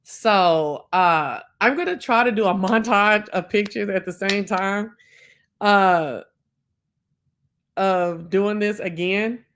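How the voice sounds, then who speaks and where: A woman's voice: mid-range voice, a bit bright. A woman in her forties hosting a live stream, talking about the poem in a chatty, reflective way with plenty of fillers. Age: 40s. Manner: chatty and reflective, with many fillers and quick asides. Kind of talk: casual live stream chat.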